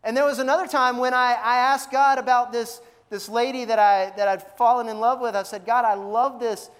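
A man's voice: very high-pitched, steady tone, a little fast, fairly bright tone, clear, resonant tone. A male pastor preaching a sermon in a conversational way, asking many questions and often repeating words. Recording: long reverb of a large hall.

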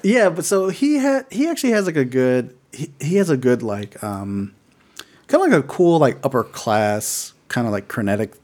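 Man, 30s, podcast co-host; swings his pitch widely, rambling, swears freely. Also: very animated, moderate pace, darkish tone. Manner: rambling, swears a lot, laughs often. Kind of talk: casual chat.

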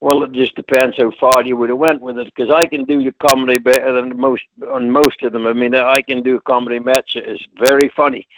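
A Scottish-born former wrestler, a guest on an interview show, tells stories in a plainspoken, folksy manner. His mid-range voice moves little in pitch and runs a little fast with few pauses, on poor audio with a little hiss or hum.

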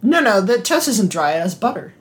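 Deadpan guy hosting a podcast, mumbly, keeps tripping over his words, sounds kinda checked out. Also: sits high. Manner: mumbling, distracted, halting restarts. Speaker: podcast host. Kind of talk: deadpan comedic banter.

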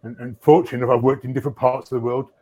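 A man's voice: mid-range voice, little pitch movement, rapid-fire, mellow, breathy edge. A middle-aged man with a northern English accent, a guest on a live podcast, telling his experiences bluntly and plainly. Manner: blunt, plain-spoken storytelling. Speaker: guest, recruiting veteran.

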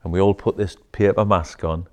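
Deep-voiced man telling a story. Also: steady tone, a little fast. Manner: swears freely, hushed whispers when quoting others. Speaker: guest telling a personal story. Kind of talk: casual storytelling.

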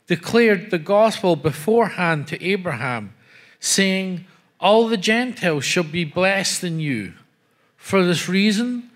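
A man with a French accent, reading scripture aloud to a congregation in a slow, deliberate way that lifts on the questions. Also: sits high, a bit bright. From France. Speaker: scripture reader.

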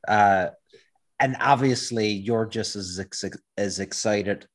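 A man's voice: on the low side, slow pace. A man hosting a casual chat, encouraging and laughing along with his guest.

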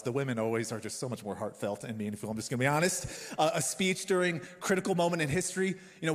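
A man preaching a sermon as a pastor, in a casual, joking, conversational way. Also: medium pitch. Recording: long hall reverb.

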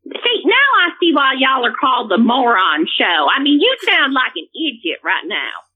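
A woman with a piercingly high voice rants and scolds in a brash, indignant call-in tirade. Her pitch swoops up and down as she fires back. The sound is thin and boxy, like a phone line. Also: wildly swooping pitch, normal speed, husky. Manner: brash, indignant, talks over others. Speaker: caller. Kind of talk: comedic call-in rant.

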